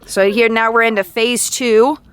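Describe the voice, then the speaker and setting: A woman's voice: fairly high pitch, steady tone, normal speed, a crowd in the background, poor audio. A woman casually showing how she cooks dinner at a campsite, upbeat and explanatory. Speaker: family camper cooking dinner. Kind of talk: casual vlog demonstration. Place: campsite outdoors.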